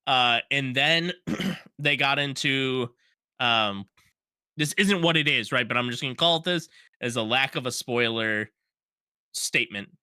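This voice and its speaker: Podcast co-host, male, very bright voice, dry close sound, animated storyteller. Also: mid-range voice, a little slow, clean tone, no room sound. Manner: animated storyteller, acts out his own reactions; laughs often. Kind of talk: casual chat.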